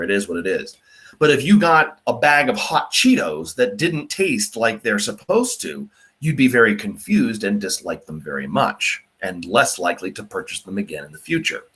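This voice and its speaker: A man teaching a class, talking casually with a mocking, animated manner and frequent fillers. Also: medium pitch. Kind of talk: classroom lecture.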